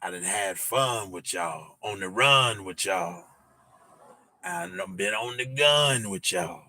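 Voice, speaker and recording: A man hosting an early-morning podcast livestream, talking in a slangy, teasing, animated way with many fillers. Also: on the low side, slow pace, vocal fry, no room sound. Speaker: podcast host.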